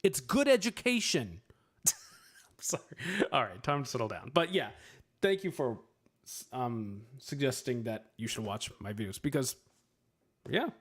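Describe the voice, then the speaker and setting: A man's voice: medium pitch, expressive, normal speed, pauses often. Rambling man in a casual stream chat. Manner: rambling, lots of filler words and restarts; playful, laughs at himself. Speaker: streamer answering chat questions.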